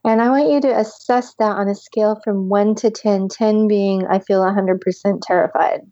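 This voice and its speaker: A woman leads a guided tapping session at a medium pitch. She gives calm, step-by-step instructions and sighs deeply between phrases. The recording is slightly dull and lo-fi, with a dry, close sound. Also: normal speed, no room sound. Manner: calm step-by-step instructions, leading group repetition. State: deep audible sighs and yawns between phrases. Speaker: tapping practitioner.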